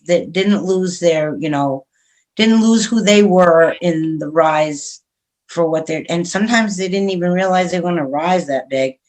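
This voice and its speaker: A woman's voice: fairly low pitch, darkish tone. A middle-aged woman, a radio host, talking frankly and chattily as a guest in a casual interview, laughing often.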